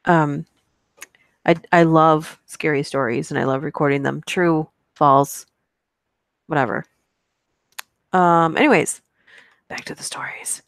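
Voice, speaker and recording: A woman with a notably low voice reads stories aloud on a live stream, then drifts into casual, chatty asides to her viewers. The sound is close and dry, with no room echo. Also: fairly even intonation, slow pace, pauses often. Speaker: YouTube horror story narrator. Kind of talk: live-stream story reading and chat.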